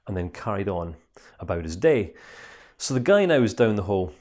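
A man, a life coach, telling a parable in an animated, conversational lesson. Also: lowish voice, moderate pace. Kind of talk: storytelling lesson.

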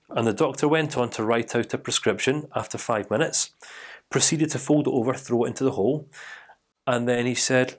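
A man who works as a life coach, telling a parable in an animated, dramatic way with frequent restarts. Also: mid-range voice, a little fast. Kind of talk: storytelling to camera.

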